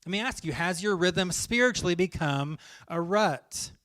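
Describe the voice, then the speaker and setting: Bright-voiced preacher telling jokey stories. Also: male voice, high-pitched, lively intonation, normal speed. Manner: conversational, jokey storytelling. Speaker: pastor. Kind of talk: sermon.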